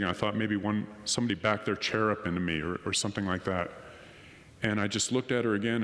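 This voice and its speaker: A middle-aged man giving a personal testimony at a conference, an animated storyteller who acts out the dialogue. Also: fairly low pitch. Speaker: conference speaker. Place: conference hall. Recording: long hall reverb.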